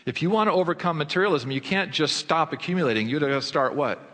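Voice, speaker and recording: A man preaching a sermon to his congregation, asking them questions and answering them himself, swinging between fervent high passages and low quiet ones. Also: animated, quick pace. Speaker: pastor. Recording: long hall reverb.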